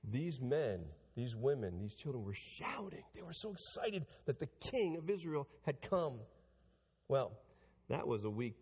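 High-voiced preaching man in a reverberant hall. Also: darkish tone. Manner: retells scripture dramatically, voicing the figures. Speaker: pastor. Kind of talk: sermon.

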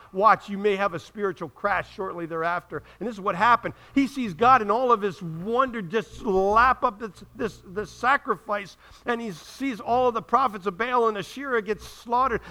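Fervent high-voiced male preacher. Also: sharp tone. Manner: fervent, rising and falling emphasis, asks the congregation to respond. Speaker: pastor. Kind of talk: sermon.

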